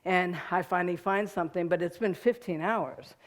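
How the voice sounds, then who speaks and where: This woman, a guest speaker, has a lowish voice at normal speed. Her storytelling talk is personal and conversational, aimed at the audience and punctuated by frequent laughter.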